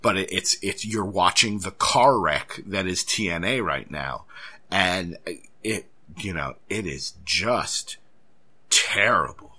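A tired man co-hosting a podcast, musing in a measured way with frequent restarts. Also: low-pitched, sharp tone. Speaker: podcast co-host. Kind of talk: casual chat.

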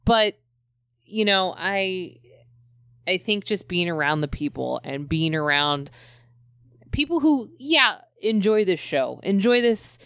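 A woman's voice: mid-range voice, expressive, slow pace, fairly bright tone, clear, resonant tone, dry recording, studio quality. A woman in her thirties chatting casually as a podcast co-host, rambling with many fillers and restarts. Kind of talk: casual chat.

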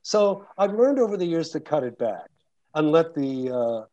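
A man's voice: fairly high pitch, very animated, moderate pace, mellow, muffled recording. A man who narrates audiobooks, talking casually to an audience in a rambling way with many restarts and fillers. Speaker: audiobook narrator and guest speaker.

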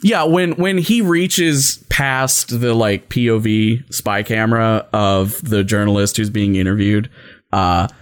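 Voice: medium pitch, slow. A podcast co-host in casual chat, joking and stammering through restarts.

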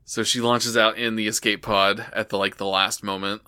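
A man calmly retelling an anime plot in casual chat, stringing his story together with "and, uh". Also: on the low side, moderate pace, clear, resonant tone. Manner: steady storytelling with many "and, uh" fillers. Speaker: podcast co-host.

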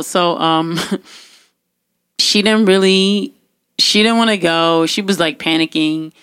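A young woman telling a personal story in casual talk, animated and full of fillers and restarts. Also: lowish voice, slow, pauses often, smooth, no echo, clean studio sound. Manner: animated, acts out quotes, many fillers and restarts.

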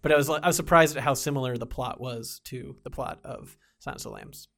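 A man's voice: medium pitch, brisk, a bit bright. Rambling man in casual chat. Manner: rambling, many fillers and restarts.

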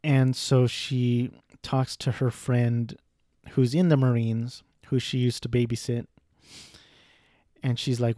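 A man's voice: medium pitch, little pitch movement, unhurried, warm tone, dry recording, studio quality. A man talking casually and rambling through a movie review, swearing and poking fun at himself. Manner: rambling, profane, self-deprecating.

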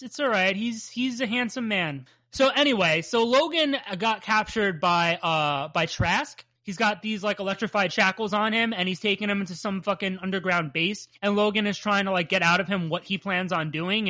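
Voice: medium pitch, moderate pace, hardly any pauses, pushed and bright, dry recording. A podcast co-host recapping a cartoon episode in a rambling, jokey way, laughing often and swearing casually. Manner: laughs often and plays up bits.

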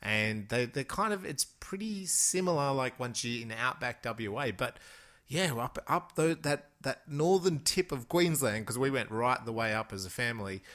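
An Australian man from Western Australia with a bright, forceful voice, co-hosting a film podcast. He keeps the talk moving in an easy, chatty way and laughs often. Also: medium pitch, expressive, normal speed. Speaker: podcast co-host. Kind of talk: casual film podcast chat.

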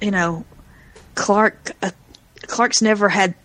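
A woman's voice: mid-range voice, fairly even intonation, takes it slowly, a bit bright, dry recording. Chatty woman, dry close sound. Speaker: podcast co-host. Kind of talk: casual chat.

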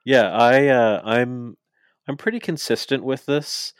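A man co-hosting a podcast, excitedly recapping wrestling in casual, profane chat and laughing as he goes. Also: mid-range voice, measured pace, clean tone, no echo, studio quality. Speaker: podcast co-host.

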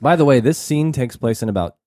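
A man's voice: medium pitch, lively intonation, a little fast, darkish tone, no echo, studio quality. A man co-hosting a casual movie-review podcast, making wry, mocking remarks about the film. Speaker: podcast co-host.

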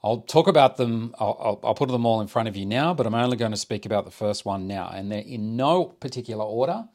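A middle-aged man, an architect hosting a solo podcast and talking in a measured, reflective way as he thinks aloud into a close microphone. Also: lowish voice, expressive, a little mellow. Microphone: close desk microphone.

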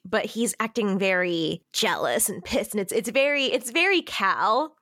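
A woman's voice: mid-range voice, animated, a little slow, bright, forceful tone, no echo, studio quality. Chatty laughing woman in her twenties. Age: 20s. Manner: laughing, chatty, swearing freely. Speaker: podcast co-host. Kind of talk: casual book recap chat.

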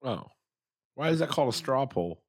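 A man co-hosting a casual podcast chat, teasing dryly with deadpan asides. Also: mid-range voice, normal speed. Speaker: podcast co-host.

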